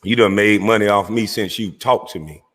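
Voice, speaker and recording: A man's voice: fairly low pitch, normal speed, fairly bright tone, big-room sound. A man hosting his own online show, ranting at a rival in a confrontational, taunting way. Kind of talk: heated livestream rant.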